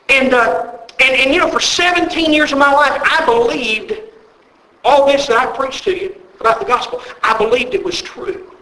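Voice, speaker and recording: A male preacher with a very high, bright voice delivers an emphatic sermon full of repetition and rhetorical questions. His voice rings through a roomy church sanctuary with plenty of echo.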